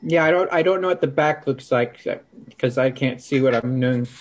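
A man's voice: mid-range voice, moderate pace. A man as a podcast guest in casual chat, hesitant with stammering restarts and dry, skeptical humor. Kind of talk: casual conversation.

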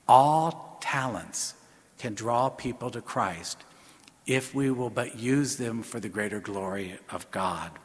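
A man preaching as a parish priest, retelling a personal story in an unhurried way and repeating what he was told. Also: medium pitch, a bit bright. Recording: long church reverb.

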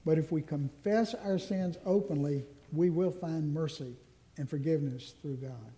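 A man preaching an Ash Wednesday sermon as minister, earnest and slowing down on key phrases. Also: on the high side, warm tone.

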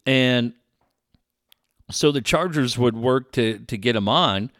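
A middle-aged man telling radio stories in casual chat, animated and profane, laughing often. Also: medium pitch, slow pace, no room sound, studio quality.

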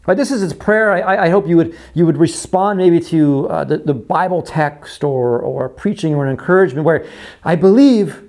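A man preaching a sermon, repeating his phrases and acting out quoted voices, dropping to quiet lows. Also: moderate pace, hardly any pauses. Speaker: pastor.

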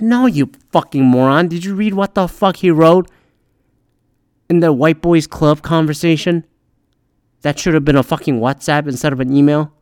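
A man's voice: mid-range voice, dry recording. Man, podcast host, swearing and rambling, tired, dry close sound. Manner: profane, rambling, exasperated. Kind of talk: casual solo podcast rant.

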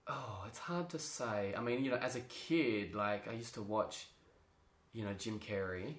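A man, a drama teacher, chatting as an interview guest. He tells stories in an animated way, laughs often and restarts his sentences. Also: fairly low pitch, unhurried. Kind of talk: casual interview chat. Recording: roomy echo.

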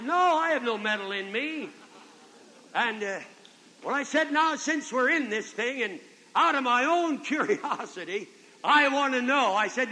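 Older male revival preacher, very high ringing voice, folksy storyteller, big reverberant hall. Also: sharp tone. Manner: folksy, repetitive, calls out amen and brethren. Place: large convention hall. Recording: 1970s convention hall recording with long reverb.

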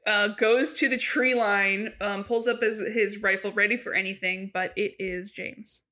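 A woman co-hosting a podcast, chatting casually through an episode recap, upbeat and quick to laugh as she acts out characters' lines. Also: mid-range voice, fairly even intonation, pushed and bright. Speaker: podcast co-host.

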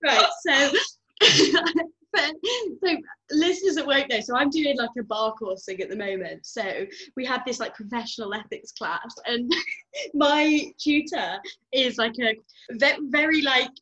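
A woman's voice: sits high, unhurried, sharp tone, lo-fi sound. A woman in her twenties hosting a podcast, chatting casually and telling a story with lots of giggling. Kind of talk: casual chat.

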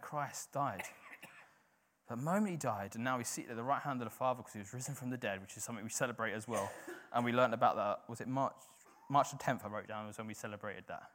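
A man's voice: medium pitch, brisk, a bit bright, slight background noise. Informal, conversational male preacher. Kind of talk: sermon.

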